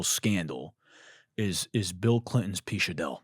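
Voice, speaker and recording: A man's voice: fairly low pitch, lively intonation, moderate pace, dry recording, studio quality. A man hosting a comedy podcast, delivering a mocking satirical monologue. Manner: ranting, mocking, shouts and laughs.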